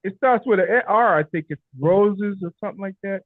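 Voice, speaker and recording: A chatty man tells rambling stories on a video call, raising his voice to act out the people he quotes. His voice sits a little high, and the sound is thin and phone-like, as if heard down a call line. The audio is dry, with no room echo. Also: moderate pace. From Chicago area. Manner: rambling storyteller, acts out quotes in raised voices. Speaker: meeting participant. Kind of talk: casual video call chat.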